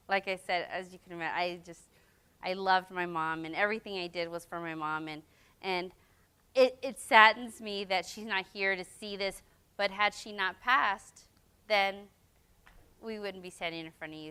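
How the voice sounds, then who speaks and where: A woman's voice: fairly low pitch, sharp tone, clean tone. A middle-aged mother speaking casually and sentimentally at a public question-and-answer talk, with chatty asides. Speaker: mother and business co-founder.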